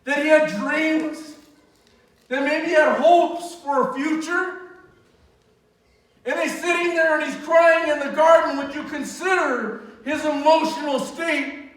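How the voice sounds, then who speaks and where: A woman giving an emphatic sermon to a youth group, asking rhetorical questions and sometimes shouting. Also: high voice. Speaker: youth retreat speaker. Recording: very echoey hall, distant voice.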